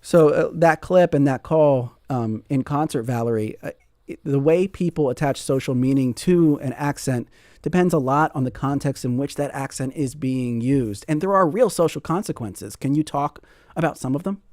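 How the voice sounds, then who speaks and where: A man hosting a public radio talk show from a studio, measured and friendly as he interviews and signs off. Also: medium pitch, a little mellow, dry recording. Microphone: studio microphone.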